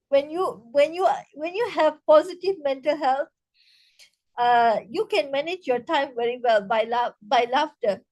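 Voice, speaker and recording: A woman teaching a laughter yoga session over a video call, speaking haltingly with many restarts and leading rhythmic bursts of laughter. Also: high voice, a little mellow. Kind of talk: online interactive workshop talk.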